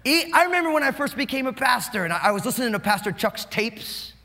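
A male pastor from New Jersey delivers a lively, humorous sermon at a quick clip. His voice sits high for a man. The sound rings with long reverb from a large hall. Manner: animated, fast-talking, joking.

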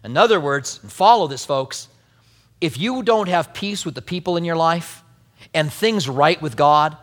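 High-voiced preacher man, chatty and animated, joking around, big hall echo. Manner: lively, conversational, joking asides. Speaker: pastor. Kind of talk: sermon.

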